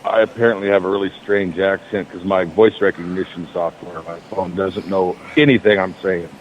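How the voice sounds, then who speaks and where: A man's voice: deep voice, steady tone, brisk, a little hiss or hum. A man joining a casual podcast panel as a guest and making dry, joking asides. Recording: dull lo-fi remote line.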